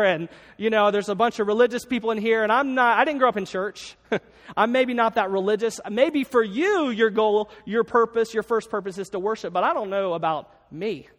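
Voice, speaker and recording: A man's voice: high-pitched, a bit bright. A man preaching a sermon as a pastor to a church congregation, talking conversationally and repeating his key lines so listeners can note them down. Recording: long reverb of a large hall.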